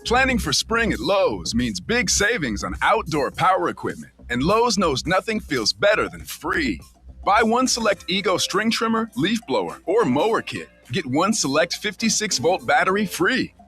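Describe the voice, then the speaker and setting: A man reading a scripted radio ad in an energetic, salesy way. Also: high-pitched, moderate pace, faint music behind. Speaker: ad announcer.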